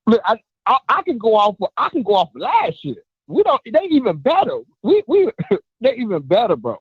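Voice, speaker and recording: Loud teasing man calling in, dull audio. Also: high-pitched, huge pitch swings, brisk, breathy edge, no echo. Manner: teasing, loud, talks over the host. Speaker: caller. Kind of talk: casual sports banter on a call.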